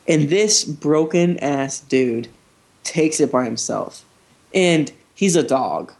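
A man hosting a casual podcast chat from a living room, talking in an animated, joking way and swearing freely. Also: fairly high pitch, takes it slowly.

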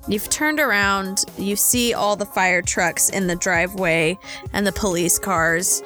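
A woman's voice: mid-range voice, bright, forceful tone. A young adult woman narrating a tabletop role-playing game as game master, casual and rambling.

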